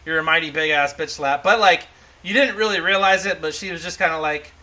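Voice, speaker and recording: A man's voice: on the high side, fairly quick, sharp tone, low-quality recording. A man running a tabletop game as game master, narrating loosely with lots of fillers and restarts. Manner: rambling, filler-heavy narration.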